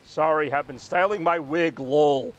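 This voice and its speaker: A man's voice: on the high side, a little slow, muffled recording. A young man streaming a racing game, chatting loosely, joking and reacting to comments from his chat. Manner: rambling, jokey, reacting to chat.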